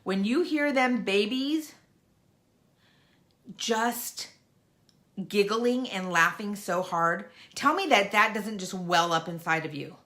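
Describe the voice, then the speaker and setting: A woman's voice: medium pitch, expressive, takes it slowly, long pauses, a bit bright. An older woman and grandmother, talking straight to her viewers in an earnest, encouraging vlog pep talk. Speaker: vlogger. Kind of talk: heartfelt motivational vlog talk.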